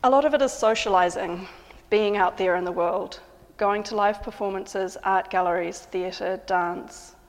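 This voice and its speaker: A woman composer calmly describing how she works, in measured, reflective narration. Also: mid-range voice, in a large hall, slight background noise.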